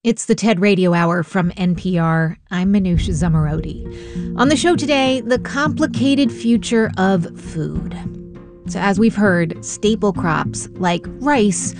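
A woman hosting a radio show, narrating a scripted story in a clear, measured way. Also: mid-range voice. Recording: music bed under the voice.

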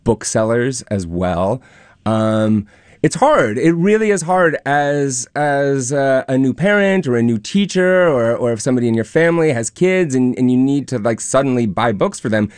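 A man's voice: mid-range voice, expressive, moderate pace, darkish tone, smooth, dry recording. A man speaking as a studio guest, explaining things earnestly in a radio conversation.

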